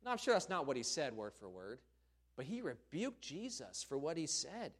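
A preacher delivering a sermon in an emphatic storytelling manner. His fairly high voice rises and falls widely as he leans into key phrases. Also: huge pitch swings, moderate pace.

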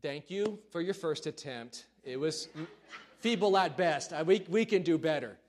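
A man preaching a sermon in a church, folksy and self-deprecating, then building to loud calls to the congregation. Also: on the high side, lively intonation, normal speed, a little hiss or hum. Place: church sanctuary.

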